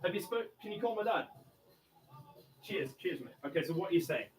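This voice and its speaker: An Englishman livestreaming from inside a house, aggressive and profane, swinging between low muttering and angry shouting as he makes demands. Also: animated, fairly quick, slight background noise. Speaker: livestreamer in a police standoff. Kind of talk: livestreamed confrontation.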